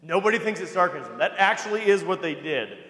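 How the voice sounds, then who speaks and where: Man, fairly high voice, Bible class teacher, quizzing the group, reverberant hall. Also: expressive, brisk, sharp tone. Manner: questions the class, reads scripture aloud. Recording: echoey hall.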